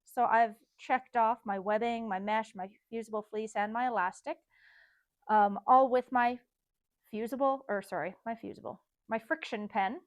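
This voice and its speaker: A woman's voice: a little high, fairly even intonation, normal speed, no room sound. A woman designer teaching a casual step-by-step sewing tutorial, chatting and thinking aloud as she works.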